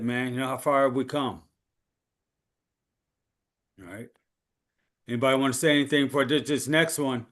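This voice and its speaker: Easygoing host, a man with a mid-range voice who lines up the next clip. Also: medium pitch. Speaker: host running a reaction show. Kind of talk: casual reaction chat.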